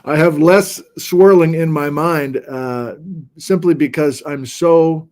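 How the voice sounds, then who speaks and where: An American man hosting a geology livestream, casually reading out where viewers are watching from in a relaxed, chatty way. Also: fairly high pitch, slow. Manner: relaxed, chatty, reads viewer locations aloud. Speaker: geology lecture host.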